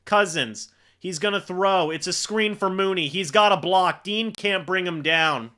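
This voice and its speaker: A man hosting a live football reaction stream for his chat, excitable and swinging between loud disbelief and deflated muttering. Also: high voice, measured pace. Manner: talks to chat. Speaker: fan livestream host. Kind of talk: live game reaction commentary.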